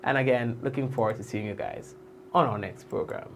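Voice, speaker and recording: A man's voice: mid-range voice, a little fast, creaky. A man in the middle of his vocal range, signing off his live stream in a chatty, teasing way and laughing often. A faint hum sits behind his voice. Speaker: host of a live news stream. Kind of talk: casual live-stream sign-off chat.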